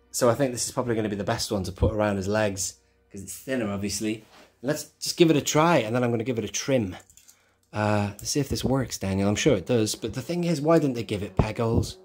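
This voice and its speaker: A man's voice: medium pitch, a little mellow. A man hosting his own channel, talking through a hands-on toy tutorial in a chatty, rambling way that keeps correcting itself. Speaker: toy collector channel host.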